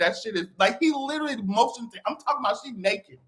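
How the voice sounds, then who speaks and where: Profane, animated live-stream commentator. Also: mid-range voice, a little fast, hardly any pauses. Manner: profane, animated, laughs often.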